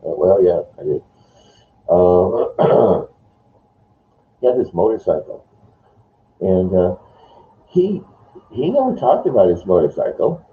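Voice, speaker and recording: A man's voice: sits low, sing-song, takes it slowly, pauses often. An older man hosting a morning show, rambling chattily and playfully. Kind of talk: rambling casual monologue. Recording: tinny phone-like sound.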